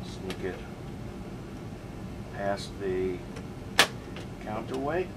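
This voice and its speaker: Low-voiced man explaining a repair. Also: very slow, heavy background noise. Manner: relaxed, plainspoken, working as he talks. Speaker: hobbyist restoring a turntable. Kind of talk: casual how-to narration.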